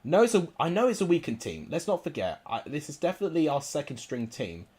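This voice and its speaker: A man's voice: on the high side, big pitch swings, fast, a little mellow, slightly rough. A young man commentating live on his football game, frustrated and exclamatory, cursing at his players. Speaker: gaming YouTuber.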